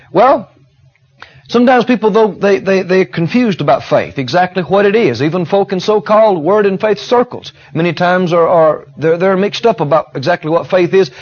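A man's voice: sits high, muffled recording. A man preaching a sermon, emphatic and repetitive, asking the congregation questions.

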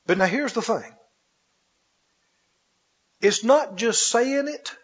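A man's voice: very high voice, lively intonation, takes it slowly, husky. A man preaching a sermon as pastor, often asking the congregation questions such as whether they are with him. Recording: dull recording with long hall reverb.

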